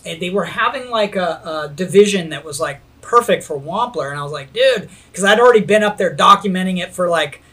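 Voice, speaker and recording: A man with a notably high voice spins a rowdy story in loose, casual conversation. He talks in an animated rush, swears constantly and breaks into laughter along the way. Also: a little fast, few pauses. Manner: animated, heavy swearing, laughs while telling. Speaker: skate videographer telling a story.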